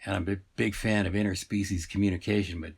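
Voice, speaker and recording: A man's voice: deep voice, steady tone, fast talker, creaky, breathy edge. A man telling a story in a rambling, meandering way, full of fillers and asides.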